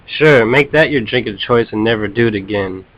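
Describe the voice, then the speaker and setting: A man dubbing a movie clip as a furious man scolding a friend who wrecked his car, shouting indignantly. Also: on the low side, moderate pace, highs cut off, close to an everyday voice. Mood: stern. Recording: hissy recording from far off.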